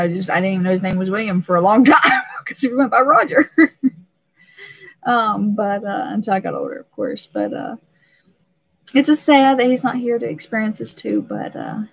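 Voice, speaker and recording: A woman's voice: mid-range voice, very animated, moderate pace, gravelly, long pauses, breathy edge, poor audio. A young pregnant woman hosting a casual live stream, talking emotionally and laughing often, with many restarts.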